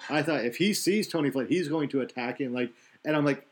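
A man's voice: mid-range voice, brisk. A man hosting a podcast, chatting casually in long rambling runs that restart and correct themselves. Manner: rambling, self-correcting analysis. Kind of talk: casual wrestling chat.

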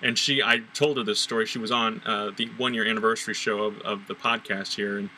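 Bright-voiced middle-aged man reminiscing. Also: lowish voice, brisk, slight background noise, rough recording. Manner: relaxed, recalling details with fillers. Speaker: podcast host. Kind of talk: casual podcast chat.

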